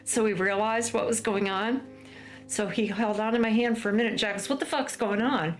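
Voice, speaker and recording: Over soft background music, a woman from the United States recounts a personal ordeal in a documentary interview, often acting out what other people said. Her medium-pitched voice keeps fairly even intonation at a normal speed.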